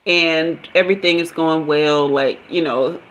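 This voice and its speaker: Speaking a little slowly, a livestream host and spiritual reader shares a personal story with her audience in a relaxed, chatty manner. Fillers pepper her speech and her voice shoots up high when excitement hits. The sound is lo-fi, with a little hiss or hum.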